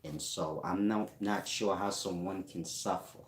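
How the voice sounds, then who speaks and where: A man's voice: sits low, measured pace, roomy sound, slight background noise. A man hosting a casual livestream as a spiritual teacher, reading viewer comments and teasing them with slangy jokes and frequent laughter. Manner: joking and teasing, laughs often, slangy and rambling. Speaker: livestream host and self-styled spiritual teacher.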